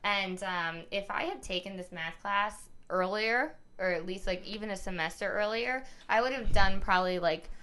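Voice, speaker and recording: This podcast co-host has a clear, resonant mid-range voice and keeps a moderate pace with hardly any pauses. She's in a casual chat, telling stories animatedly and laughing a lot.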